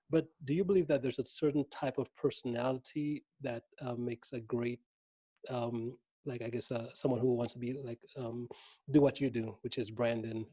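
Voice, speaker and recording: A man's voice: medium pitch, dark tone, breathy edge, no room sound, muffled recording. A man hosting a casual live-stream interview, asking long, rambling questions that search for the right words. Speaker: interview host.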